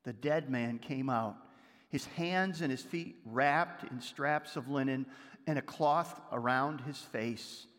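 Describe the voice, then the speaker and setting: A man preaching a sermon, telling a story and reading scripture aloud, swinging between loud lines and hushed ones. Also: mid-range voice, long reverb tail. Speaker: pastor.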